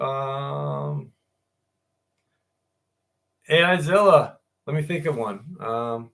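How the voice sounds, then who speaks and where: Male live-stream host, casual and jokey, bright tone, somewhat high voice. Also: unhurried, long pauses. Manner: loose and chatty, swears and laughs easily. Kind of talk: casual sign-off chat with viewers.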